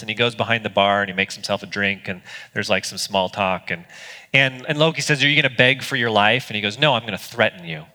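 A pastor delivers an earnest, conversational sermon in a crisp, forceful voice, now and then restarting a phrase. His words ring out through a church auditorium with a long, trailing echo. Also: mid-range voice.

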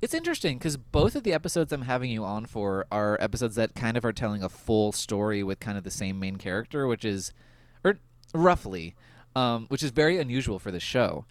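A male podcast host chatting casually about a TV episode, laughing often and filling pauses with "um.". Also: fairly low pitch, big pitch swings, no room sound. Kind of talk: casual chat recapping a TV episode.

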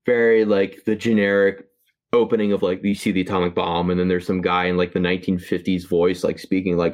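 Guy with a really deep voice chatting about a movie on a podcast, lots of ums. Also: level tone, darkish tone. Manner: halting, many fillers and restarts. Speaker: podcast co-host. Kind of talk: casual movie review chat.

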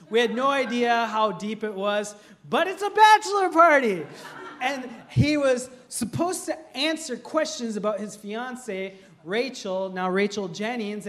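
In a very high, slightly bright voice, a young pastor from Minnesota, USA, delivers a sermon built on humorous stories, laughing as he tells them.

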